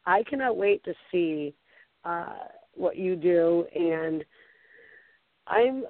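Woman, Boston accent, interview host, effusive, halting, fillers, phone-line sound, dry. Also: on the low side, expressive, no echo. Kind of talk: casual interview chat.

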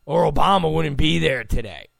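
A male talk radio host who rambles and mocks, with a gravelly, fairly high voice that swoops all over. It sounds dry and close on the mic. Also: animated, moderate pace, fairly bright tone, no echo. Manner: rambling, mocking, chuckling asides.

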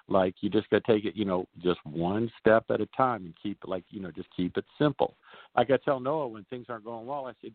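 A male tennis coach, a guest on a radio show, telling stories in a folksy, animated way and acting out the players he quotes. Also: on the low side, no echo. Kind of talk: radio interview storytelling. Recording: dry tinny phone line.

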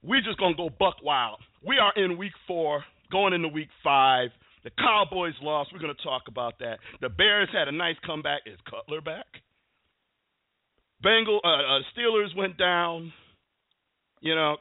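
A fired-up man from Connecticut hosts a call-in sports show and rants hard, hammering his points again and again. His voice sits a little high for a man. It comes through a tinny, dry phone line. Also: animated, normal speed, no room sound. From Bristol, Connecticut, USA. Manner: fired-up, emphatic ranting with repeated phrases. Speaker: sports talk show host.

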